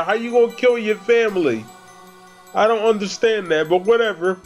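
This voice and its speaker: Slangy man with a high voice. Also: highs cut off. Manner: slangy, chatty, addresses viewers as guys and bro. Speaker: movie reviewer. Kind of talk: casual spoken movie review.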